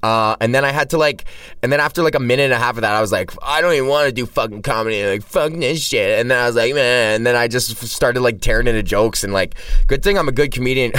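A man's voice: medium pitch, fairly bright tone, clean tone, no echo. Man, stand-up comedian hosting a solo podcast, rambling rant, heavy swearing, distant cheap mic. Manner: rambling, heavy swearing, frequent self-restarts. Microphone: cheap mic, set back from the speaker. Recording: distant, dry sound from a poor mic.

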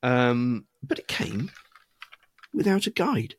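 A man's voice: mid-range voice, big pitch swings, takes it slowly. A man telling wry, rambling stories as a podcast co-host. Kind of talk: casual chat.

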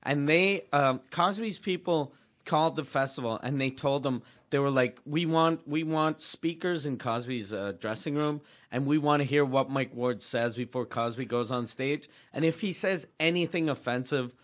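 A man's voice: mid-range voice, moderate pace, a bit bright. A middle-aged man, co-hosting a casual podcast and telling a rambling, profane story. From Quebec, Canada. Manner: rambling, profane, restarts often. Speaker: podcast co-host, comedian.

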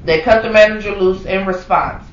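Podcast co-host, man, high voice, profane animated ranter, echoey room, off-mic and dull. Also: moderate pace, recorded from a distance. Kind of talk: casual chat. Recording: echoey, dull, from off-mic with faint background noise.

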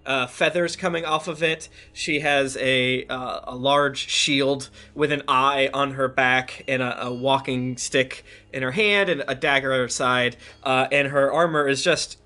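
A man playing a tabletop game, describing a character with halting, searching phrasing. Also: medium pitch, steady tone, sharp tone, faint music behind. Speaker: player. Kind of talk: casual chat around a tabletop game.

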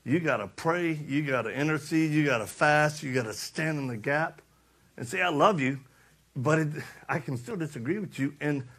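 A middle-aged preacher speaks at normal speed in a voice on the high side, a bit bright and slightly rough. He gives a passionate sermon, acting out stories with laughter and repeating lines for emphasis.

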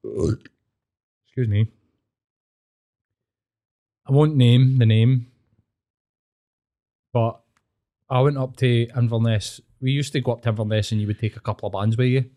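A man's voice: medium pitch, fairly even intonation, measured pace, long pauses, warm tone. A middle-aged man with a Scottish accent, hosting a casual podcast and telling a crude story with lots of swearing and laughter. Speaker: podcast host.

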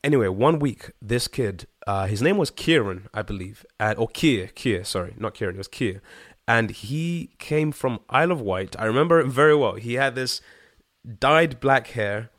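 A man from Zimbabwe, a guest singer-songwriter, telling a story in casual chat, animated and slangy, with frequent swearing and fillers. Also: medium pitch, normal speed, no room sound, clean studio sound.

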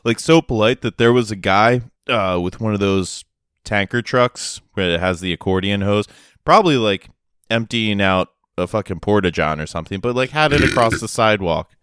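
Brief: casual podcast co-host, man, rambling sarcastic storyteller, smooth resonant voice, dry close sound. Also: lowish voice, lively intonation, normal speed, a bit bright, dry recording. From Massachusetts. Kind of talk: casual chat.

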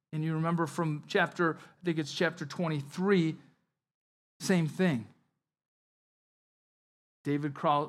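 A male pastor preaching a sermon in a conversational way, acting out the scenes with energy. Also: a little high. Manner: conversational, animated when acting out Bible scenes.

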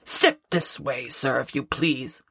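A woman voicing an old male miser who puts on a gruff growl, blustering and then hearty. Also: very deep voice, slow, a bit bright, no room sound, clean studio sound, pitched below the performer's own voice, exaggerated voice.

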